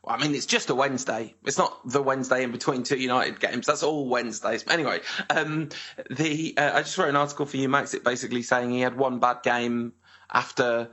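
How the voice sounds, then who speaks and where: A man's voice: mid-range voice, fairly even intonation, brisk, pushed and bright, muffled recording. A man hosting a casual podcast, talking in a hesitant way with frequent fillers and self-corrections. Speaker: podcast host.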